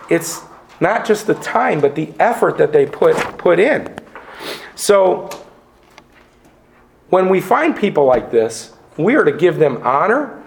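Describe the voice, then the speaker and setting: A middle-aged man preaching with earnest emphasis, circling back over his words as he drives each point home. His voice sits a little high for a man and carries a gravelly edge. The sound rings in an echoey church hall. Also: slight background noise. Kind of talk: sermon. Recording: echoey room.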